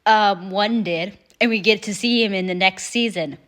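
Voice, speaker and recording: A woman's voice: mid-range voice, normal speed, fairly bright tone. A young woman hosting a reaction video, chatting animatedly and swearing casually. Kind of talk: casual chat.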